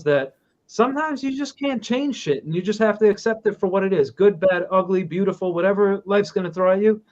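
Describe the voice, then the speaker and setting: Man, casual chat host, storyteller, slightly high voice, muffled lo-fi sound. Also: fairly quick. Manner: animated storyteller, acts out quotes.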